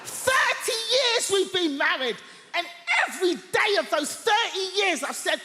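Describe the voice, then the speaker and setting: A woman playing an exasperated husband in his sixties who shouts in a panic. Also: extremely high pitch, big pitch swings, measured pace, a little hiss or hum, pitched above the performer's own voice, heavily acted. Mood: panicked. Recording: echoey hall, long reverb.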